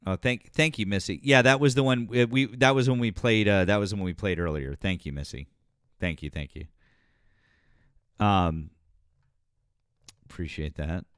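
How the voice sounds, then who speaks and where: A man's voice: lowish voice, normal speed, pauses often, a bit bright, clear, resonant tone, no echo, clean studio sound. A man hosting a casual politics livestream, rambling, swearing now and then, and thanking viewers from the chat. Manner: rambling, swears, many fillers, reads chat aloud.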